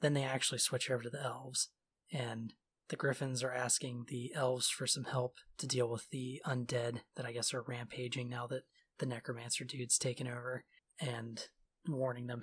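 Husky man recapping a game casually. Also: medium pitch, level tone, a bit bright. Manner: sarcastic, offhand retelling with quick mock quotes. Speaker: podcast co-host recapping a game story. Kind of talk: casual chat.

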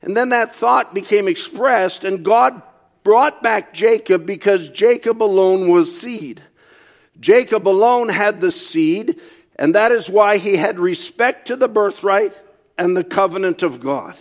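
A man with a high-pitched voice preaches a sermon at an unhurried pace. He reads quotations aloud and comments on them, rising to shouts on key points.

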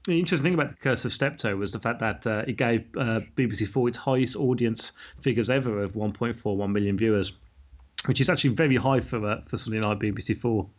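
A man hosts a casual podcast, working his way through prepared notes with plenty of ums and uhs. His voice sits at an average pitch. The recording is a little dull and lo-fi. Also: quick pace. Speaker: podcast host. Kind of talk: casual chat, reading facts aloud. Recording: slightly dull lo-fi sound.

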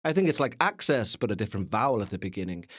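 A man's voice: fairly low pitch, sing-song, quick pace, fairly bright tone, slightly rough, dry recording, studio quality. A man hosting a podcast in a casual, rambling way, full of self-mocking, playful asides, recorded in a small windowless carpeted room. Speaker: podcast host.

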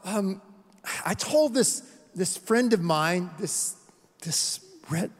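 A preacher playing a gray, nervous male ghost, high-pitched, stammering, begging, long hall reverb. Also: animated, slow pace, heavily acted. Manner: stammering, pleading, rising to frantic.

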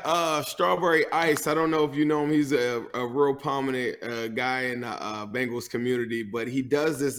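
A man's voice: mid-range voice, fairly bright tone. Easygoing American man, chatty sports fan. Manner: easygoing, chatty, many fillers. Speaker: podcast host guest. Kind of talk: casual sports chat.

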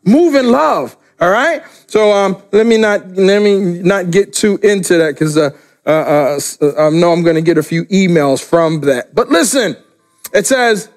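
High-voiced older man preaching slowly. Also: expressive, faint music behind. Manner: slow, emphatic preaching that drops low and quiet for stress. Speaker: pastor. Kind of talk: sermon. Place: room with camera, daughter filming.

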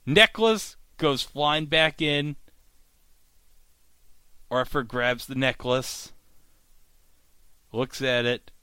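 A man hosting a podcast, casually recapping a TV episode and acting out the characters' lines in animated bursts. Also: medium pitch, drawn-out words, long pauses, clear, resonant tone, no room sound. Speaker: podcast host.

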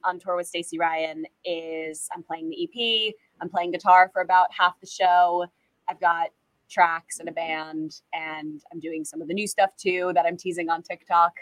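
Chatty, bright-voiced young woman. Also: on the low side, dry recording, poor audio. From California. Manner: chatty, quick, self-deprecating, with frequent "like". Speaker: guest, actress and musician. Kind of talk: casual interview chat.

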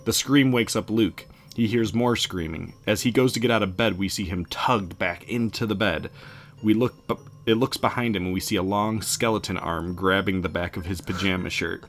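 A man casually retelling a spooky story in an animated way. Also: lowish voice, moderate pace. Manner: casual, animated, laughs along.

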